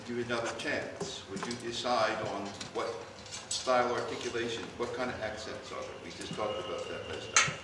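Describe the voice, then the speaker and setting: A man conducting a wind band rehearsal, giving brisk instructions and singing phrases aloud. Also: mid-range voice, steady tone. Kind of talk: rehearsal coaching. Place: rehearsal hall. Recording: echoey hall, distant mic, band playing.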